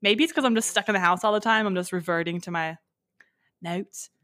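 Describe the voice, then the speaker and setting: A young woman with a slight rural twang, co-hosting a podcast in playful, casual chat. Her voice sits at a middling pitch and the recording is dry, with no room sound. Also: a little fast, fairly bright tone, dry recording. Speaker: podcast co-host.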